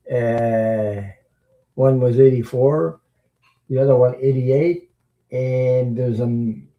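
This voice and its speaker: A man hosting a tarot livestream, chatting casually with viewers in a rambling, halting way, with many fillers and chuckles. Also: medium pitch, dark tone, low-quality recording. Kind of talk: casual livestream chat reading viewer comments.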